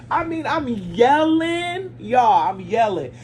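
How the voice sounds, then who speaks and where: A woman vlogger telling a story to her viewers in a casual, animated, emphatic way, cursing freely and calling her audience y'all. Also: medium pitch, normal speed, a little hiss or hum.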